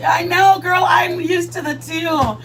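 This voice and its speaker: A woman hosting a casual cooking livestream from her home kitchen, chatty and playful, greeting viewers by name with loud excited bursts. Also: very high-pitched, unhurried, vocal fry, slight background noise, poor audio.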